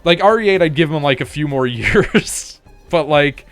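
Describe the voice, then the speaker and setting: A man's voice: on the high side, lively intonation, moderate pace, soft background music. A man streaming a game, chatting casually in a rambling way, with frequent restarts, laughs and casual swearing. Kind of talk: casual chat while gaming.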